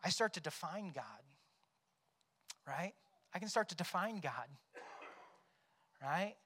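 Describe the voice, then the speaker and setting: Pastor, male, higher-pitched voice, chatty sermon delivery that keeps asking "right?". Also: expressive, slow, sharp tone, a little hiss or hum. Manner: conversational, tags points with "right?"; storytelling, acts out quoted lines.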